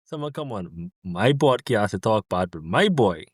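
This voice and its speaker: A man's voice: lowish voice, very animated, moderate pace, no room sound, studio quality. A man, joking in loose Caribbean slang during a casual podcast chat. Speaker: podcast co-host.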